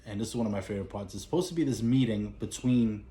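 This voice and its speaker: A man casually retelling a film's plot as a collector and reviewer, animated and breaking into character lines. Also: on the low side, quick pace. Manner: animated storytelling, acts out lines in a raised voice. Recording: roomy echo.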